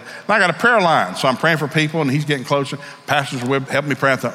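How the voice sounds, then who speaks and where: A man's voice: medium pitch, expressive, fast talker, few pauses, pushed and bright, big-room sound, a little hiss or hum. A middle-aged man with a Southern American accent, preaching a storytelling sermon in a folksy, candid way and acting out the voices in his stories. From Southern United States.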